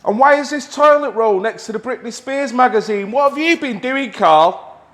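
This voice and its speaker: A man voicing a nagging middle-aged mother scolding her son, shrill and scolding. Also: animated, moderate pace, roomy sound, over music.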